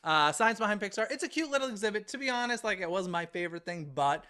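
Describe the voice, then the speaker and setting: Podcast co-host, male, high bright voice, excitable chatter. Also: clean tone. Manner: chatty and excitable, laughs often, quick asides. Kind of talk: casual chat.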